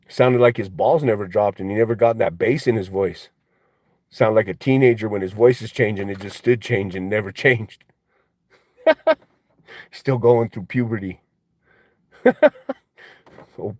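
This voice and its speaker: A livestreamer and fighter rants casually in a low, darkish voice, recorded in clean studio sound with no echo. Heated, slangy, and profane, he repeats himself for emphasis and calls everyone bro and homie.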